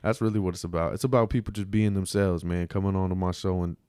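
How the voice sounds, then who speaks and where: A man's voice: sits low, steady tone, quick pace, darkish tone, clean tone, dry recording, studio quality. A man chatting casually as a podcast guest, laid-back and slangy. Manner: laid-back, slangy, lots of "you know what I'm saying". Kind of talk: casual interview chat.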